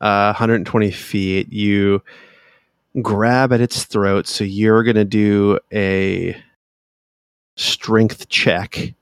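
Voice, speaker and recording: Game master, male, gravelly and low, easygoing, chuckles often, dry close sound. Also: steady tone, extremely slow, no room sound. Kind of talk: narrating a tabletop game.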